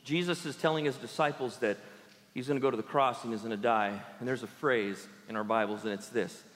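A pastor giving an animated sermon, often acting out the people he quotes. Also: medium pitch, brisk, in a large hall. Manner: animated, acts out quoted voices in character.

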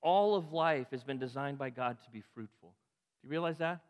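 Impassioned pastor preaching in a reverberant hall. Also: male voice, medium pitch, normal speed, smooth, muffled recording. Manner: impassioned, rising to emphatic peaks and dropping to quiet asides. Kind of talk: sermon. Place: church sanctuary.

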